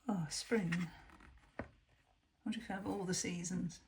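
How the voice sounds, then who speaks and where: Casual unboxing host, woman, slow and softly whispery, talks to herself as she goes. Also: lowish voice, fairly even intonation, background noise. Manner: soft-spoken, musing, often half-whispered. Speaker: tarot deck reviewer.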